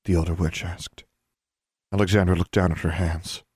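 A man narrating a fan fiction story as an audiobook, with steady, even storytelling. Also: low-pitched, normal speed, breathy edge, no room sound.

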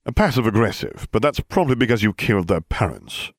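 A man's voice: fairly low pitch, big pitch swings, a little fast, dry recording, clean studio sound, pitched above the performer's own voice. A man voicing a cold, sardonic middle-aged schoolmaster who drawls, in an audiobook reading. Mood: sneering.

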